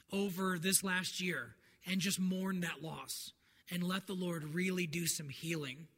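High bright-voiced man preaching in a reverberant hall. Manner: earnest, conversational preaching. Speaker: pastor. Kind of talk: sermon. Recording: long hall reverb, faint noise.

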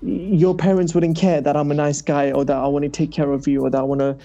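A man's voice: fairly high pitch, fast, muffled recording. Laughing young man telling a story. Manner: storytelling, animated, laughs often. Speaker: podcast host. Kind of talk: casual chat.

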